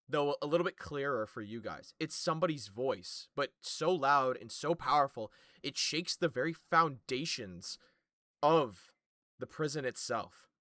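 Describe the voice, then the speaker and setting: A man's voice: mid-range voice, pushed and bright, no echo, studio quality. A man narrating as game master of a tabletop game, talking loosely and thinking aloud with fillers as he goes.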